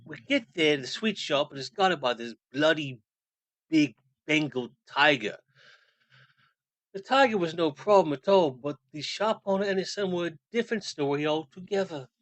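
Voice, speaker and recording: Man putting on a higher-pitched British roadie, deadpan, boastful, bright and dry. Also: normal speed, no echo. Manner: deadpan tall-tale telling. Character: boastful British rock roadie, middle-aged man, unflappable.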